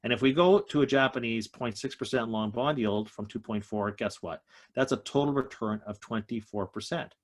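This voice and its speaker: A man's voice: medium pitch, moderate pace. A man giving an emphatic economic talk to a group over a video call, slightly out of breath. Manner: emphatic, stresses key points. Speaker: economist guest speaker.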